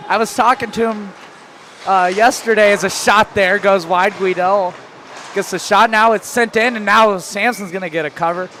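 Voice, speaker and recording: A man's voice: high voice, fairly even intonation, moderate pace, pushed and bright, a little hiss or hum. A man calling play-by-play for an amateur hockey game, chatting loosely between plays and snapping into shot calls. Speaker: play-by-play announcer.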